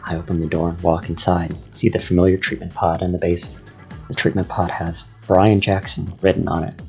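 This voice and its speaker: A man reading a story aloud in the first person, with a measured, descriptive delivery. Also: low voice, flat delivery, a little mellow, faint music behind. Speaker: narrator.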